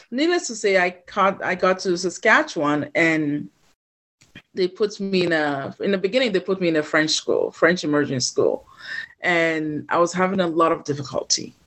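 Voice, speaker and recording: A woman from Ghana, a guest on a podcast, tells a long personal story. Her voice sits a little low, and she acts out the voices of the people in it as she goes. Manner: animated storyteller who acts out quoted voices.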